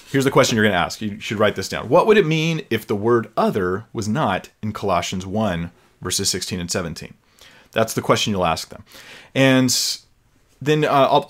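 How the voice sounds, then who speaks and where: A man giving an earnest teaching talk, explaining step by step, repeating words as he goes and reading scripture aloud slowly. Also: fairly low pitch. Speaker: Bible teacher.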